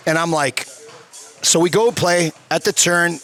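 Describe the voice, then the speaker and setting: A former hockey player, appearing as a guest in a casual interview at a bar, tells profane stories in a slightly high, brisk voice. He's animated, swears a lot and acts out the quotes.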